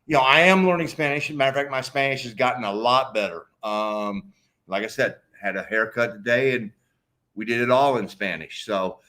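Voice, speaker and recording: American man co-host, bright sharp voice, halting, repeats his words. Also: mid-range voice. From United States. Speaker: co-host of a livestream. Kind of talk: casual livestream chat.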